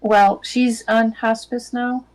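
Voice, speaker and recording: A woman's voice: a little high, little pitch movement, slow pace, rough recording. A woman co-hosting a casual livestream chat, giving helpful, matter-of-fact directions. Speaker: co-host.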